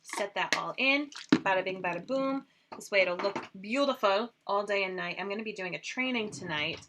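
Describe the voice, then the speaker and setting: A woman's voice: mid-range voice, a bit bright, slight background noise. A woman hosting a casual makeup livestream, chatting and rambling with lots of fillers. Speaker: host.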